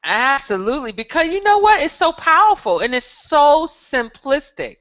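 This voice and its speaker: A woman hosting a live online show, exclaiming with excitement and reading viewer comments aloud. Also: high-pitched, moderate pace. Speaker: show host. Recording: dull lo-fi sound.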